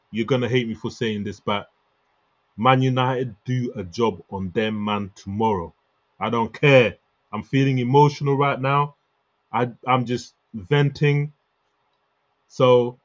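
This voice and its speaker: A man's voice: mid-range voice, highs cut off. A man hosting a fan channel, venting in an emotional post-match rant full of slang. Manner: venting, slangy, restless, repeats himself. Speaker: football fan channel host.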